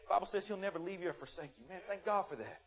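A man preaching a sermon, swinging from loud scolding to quiet, earnest testimony and acting out little dialogues in quick voices. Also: sits high, expressive.

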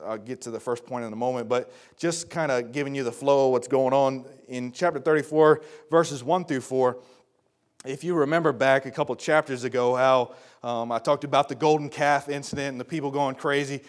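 A man preaching a sermon in an earnest, folksy way, calling his listeners folks and turning from low explanation to shouted appeals. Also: steady tone, brisk.

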